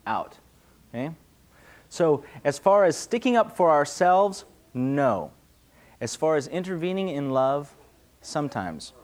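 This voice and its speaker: Animated pastor man, mid-high voice. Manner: conversational, animated, acts out little voices. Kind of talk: casual Q&A sermon.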